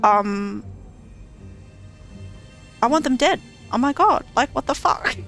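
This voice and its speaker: A woman's voice: high voice, animated, slow pace, fairly bright tone, soft background music. A woman streaming a story game, reacting in casual, exclamatory commentary with frequent swearing and laughter. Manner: exclamatory and profane, often laughing. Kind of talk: casual let's-play commentary.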